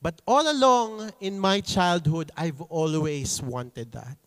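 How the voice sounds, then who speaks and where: A man delivers a sermon in a slightly high voice. He speaks slowly and with weight, drops Tagalog phrases into his English, and leans hard on his key lines. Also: clean tone. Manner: slow, emphatic preaching that mixes in Tagalog phrases; voices pleading children in a high voice. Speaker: preacher.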